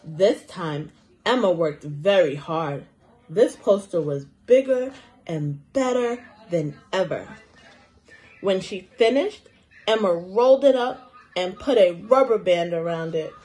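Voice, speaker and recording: A young woman teacher reading a storybook aloud to small children, slow and encouraging, asking them questions as she goes. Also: on the low side, lively intonation, darkish tone, poor audio. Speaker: preschool teacher.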